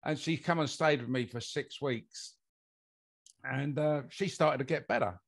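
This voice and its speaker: An older man from the United Kingdom, a mold investigator guesting on an interview podcast, unhurriedly tells a long personal story. His mid-range voice drifts through the anecdote with many fillers.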